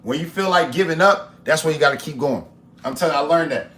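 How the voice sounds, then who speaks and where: A man's voice: fairly high pitch, fast talker, bright, forceful tone. A man cooking live and talking to his chat in an upbeat, preachy way, repeating his phrases. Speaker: cooking and motivation streamer. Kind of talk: casual live-stream talk while cooking. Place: home kitchen. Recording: roomy kitchen with faint ambience.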